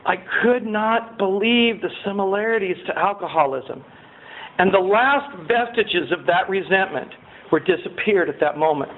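A man giving a personal testimony at a recovery meeting. He tells his story in an animated way, swinging from loud excitement to quiet earnestness. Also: high voice, moderate pace. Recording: tinny lo-fi recording with faint hiss.

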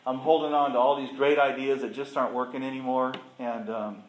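Candid and plainspoken, a middle-aged man recounts his recovery to a support group, poking fun at himself and laughing as he performs past dialogue. His mid-range voice stays level and fairly quick, echoing roomily with faint ambience in a meeting room full of listeners.

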